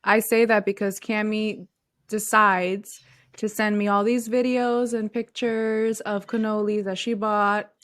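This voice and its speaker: A woman's voice: mid-range voice, level tone, unhurried, a bit bright, dry recording. A young woman co-hosting a casual podcast chat, teasing her co-host and gushing about food.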